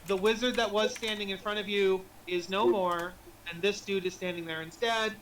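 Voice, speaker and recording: A man's voice: high-pitched, steady tone, moderate pace, fairly bright tone, a little hiss or hum, rough recording. A man narrating as game master in a chatty way, laughing often and using lots of fillers.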